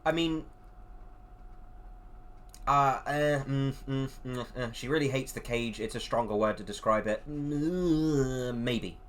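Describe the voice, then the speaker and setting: An English man with a middle-pitched voice talks through contest entries on an online call. He rambles, jokes, and backtracks in casual chat. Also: slow pace, pauses often. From England. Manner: rambling and jokey, frequent laughs. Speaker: contest judge.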